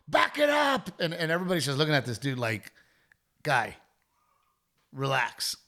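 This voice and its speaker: A middle-aged man hosting a podcast, telling a story in a casual, rambling way, swearing freely and restarting his sentences often. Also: medium pitch. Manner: profane, rambling, animated storyteller with many restarts. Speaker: podcast host.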